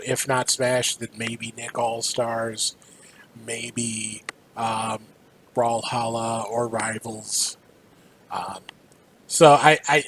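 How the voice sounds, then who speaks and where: Slow, measured male podcast co-host. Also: medium pitch, fairly bright tone, a little hiss or hum. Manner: measured, hesitant with ums. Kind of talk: casual podcast chat.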